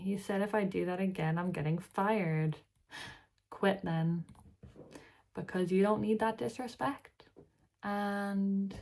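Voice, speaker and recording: A woman's voice: fairly low pitch, a little mellow. A tired woman in her twenties with an Irish accent, chatting casually and reading posts aloud for a reaction vlog, rambling with wry asides. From Ireland. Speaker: vlogger.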